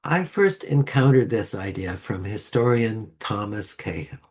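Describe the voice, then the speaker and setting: Man, sermon, unhurried, husky tone, low voice. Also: expressive. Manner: slow, measured delivery with deliberate pauses. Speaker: lay speaker. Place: church sanctuary.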